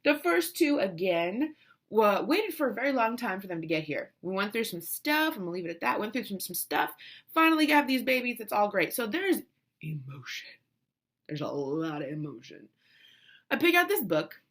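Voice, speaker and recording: This thirties-aged mother has a fairly high voice and talks fairly quickly. Recounting a family story casually and with feeling, she's animated, restarts often, and slips into other people's voices.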